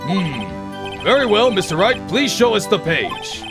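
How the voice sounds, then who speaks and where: A man's voice: sits high, huge pitch swings, unhurried, music in the background, full character voice. A man voicing an elderly male judge who speaks in a hesitant, ponderous way. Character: elderly male judge, mild and easily swayed.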